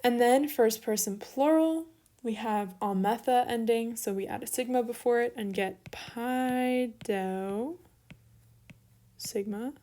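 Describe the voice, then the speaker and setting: A woman's voice: fairly high pitch, slow pace, mellow. A young woman teaching an online lesson, working through steps methodically and talking herself through small mix-ups.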